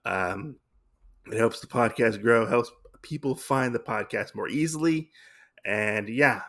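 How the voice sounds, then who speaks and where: A man with a gravelly, creaky voice hosts a laid-back podcast. He recaps a comic story loosely, full of "uh"s and self-corrections. His pitch sits in an ordinary middle range. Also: measured pace, a bit bright. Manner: rambling, many fillers and restarts. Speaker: podcast host. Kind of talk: casual comic book recap.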